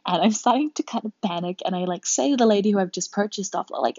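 A woman's voice: medium pitch, fast talker, gravelly, few pauses, a little mellow, no echo. A young woman hosting a podcast, telling a travel story in a rambling, chatty way full of fillers. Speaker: podcast host. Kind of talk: casual storytelling monologue. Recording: dull lo-fi dry home recording.

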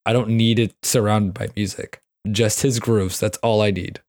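A man's voice: on the low side, fairly even intonation, moderate pace, darkish tone, no echo, studio quality. A man co-hosting a casual podcast, gushing with emphatic praise. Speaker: podcast co-host. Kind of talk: casual chat.

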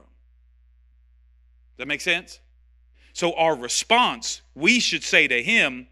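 A man's voice: fairly high pitch, sharp tone. A male pastor preaching a sermon with passion and emphasis, repeating key phrases to drive them home.

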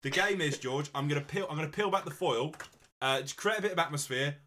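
A man's voice: a little high, quick pace, pushed and bright, a little hiss or hum. A young man from London co-hosting a comedy podcast, telling stories in loose banter. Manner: storytelling banter with put-on voices. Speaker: podcast co-host. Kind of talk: casual comedy podcast chat.

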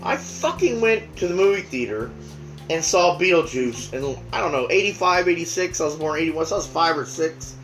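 A man's voice: on the high side, animated, fairly quick, a bit bright, soft background music, rough recording. Crude, rambling man in his forties. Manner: crude, profane, rambling storyteller. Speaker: podcast host. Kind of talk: casual chat.

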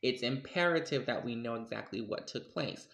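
Bright-voiced man chatting in an echoey room. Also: mid-range voice, normal speed, creaky. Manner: animated, laughing, slangy and emphatic. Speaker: podcast co-host. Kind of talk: casual conversational chat.

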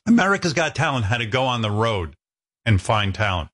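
A man's voice: big pitch swings, fairly bright tone. Profane, exasperated male radio host. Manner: profane, exasperated, self-mocking; acts out quoted people with quick pitch jumps. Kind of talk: casual storytelling chat.

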